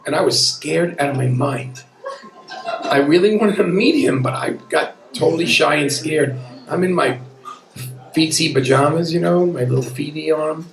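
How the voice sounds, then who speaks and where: At a live storytelling event in an echoey pub room, a man in his fifties shares a personal story, earnest and chatty with a wry touch. His gravelly voice sits on the high side at a moderate pace, with faint music and audience murmur behind him.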